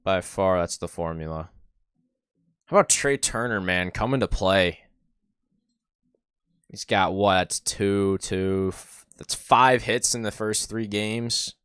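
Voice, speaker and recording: Nervous, excitable man calling a game live. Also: on the low side, takes it slowly, long pauses, clear, resonant tone, no echo, studio quality. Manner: excitable, nervous, swings from loud cheering to muttering. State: sore throat. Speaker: live stream host. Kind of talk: live play-by-play and reaction.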